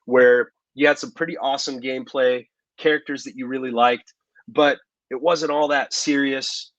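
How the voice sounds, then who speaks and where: A man, an actor as interview guest, telling stories in a relaxed way with many fillers and asides. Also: medium pitch, moderate pace, no echo, dull audio. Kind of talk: casual interview storytelling.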